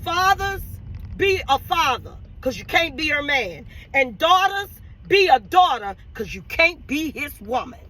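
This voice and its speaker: A woman's voice: high-pitched, big pitch swings, measured pace, sharp tone, low-quality recording. A woman host giving impassioned, scolding advice straight to camera, speaking. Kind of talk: direct-to-camera advice talk.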